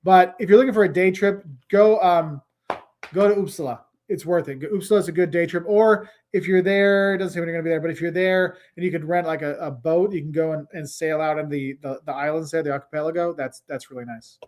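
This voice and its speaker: Middle-aged male host, fairly high voice, loose conversational delivery, drifts between viewer questions. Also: fairly even intonation, a little fast, a little mellow. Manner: chatty, rambling, reads viewer comments aloud. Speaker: travel livestream host. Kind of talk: casual livestream Q&A.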